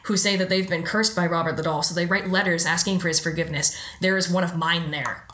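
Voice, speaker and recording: A woman co-hosting a podcast, earnestly recounting a personal story in casual conversation. Her tone is bright and somewhat tense, with roomy echo around her voice. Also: fairly low pitch, steady tone, fast. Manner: earnest, recounting an eerie experience. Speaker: podcast co-host. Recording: echoey room.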